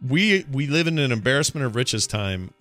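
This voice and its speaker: A man's voice: mid-range voice, very animated, moderate pace, a bit bright, soft background music. A man co-hosting a gaming podcast, chatting casually and reading listener emails, often correcting himself mid-sentence. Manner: rambling, self-correcting, reads listener emails. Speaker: podcast co-host. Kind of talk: casual chat.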